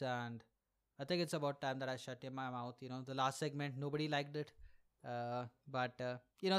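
A man's voice: mid-range voice, smooth. A man hosting a solo podcast, rambling profanely with lots of fillers. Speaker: podcast host. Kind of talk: casual solo podcast rant.

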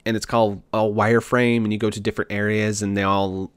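A man's voice: lowish voice, little pitch movement, quick pace, smooth, no echo, studio quality. A man hosting a podcast in casual chat, talking enthusiastically in a rambling, slangy way.

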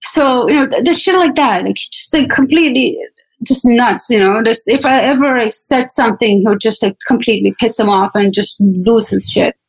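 A young woman from Pakistan telling her personal story in an interview, candid and animated, acting out what people said. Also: fairly high pitch, moderate pace, breathy edge, low-quality recording. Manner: candid, animated, acts out quotes. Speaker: interview guest.

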